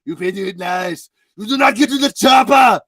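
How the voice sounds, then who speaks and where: A man's voice: high voice, normal speed, a bit bright, dry recording, shouting, pitched above the performer's own voice. A man voicing a strict male teacher with a mock Russian accent, barking warnings at a class of children about monsters. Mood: stern.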